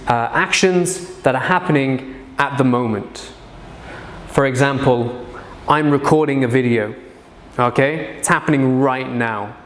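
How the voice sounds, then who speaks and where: Guy teaching english grammar real slow, echoey room, faint hum behind. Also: mid-range voice. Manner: slow, deliberate, repeats example sentences. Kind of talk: grammar lesson to camera.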